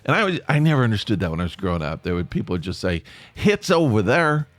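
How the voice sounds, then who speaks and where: An Appalachian man talks through his thoughts on his own podcast, chuckling and correcting himself as he goes. His voice sits low but rises and falls a great deal. The sound is dry and close, with faint music underneath. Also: sing-song, very fast, no echo. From East Tennessee. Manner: rambling, self-correcting, chuckles often. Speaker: podcast host. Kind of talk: casual monologue.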